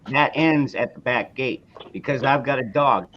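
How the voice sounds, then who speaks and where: A man's voice: mid-range voice, normal speed, a bit bright. Guy on a podcast, blunt and sweary, kinda muffled audio w/ a little hiss. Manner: blunt, profane, talks in restarts. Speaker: host. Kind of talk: casual podcast chat.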